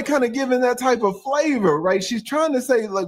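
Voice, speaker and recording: Male commentator, high-pitched, loose and animated delivery. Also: a little fast, hardly any pauses. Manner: animated, laughing, slangy asides. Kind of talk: casual reaction commentary.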